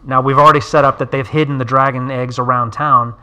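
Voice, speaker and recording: A middle-aged man, an animation director, telling a story in an interview and acting out the characters' lines with sudden pitch jumps. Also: flat delivery, fast, pushed and bright.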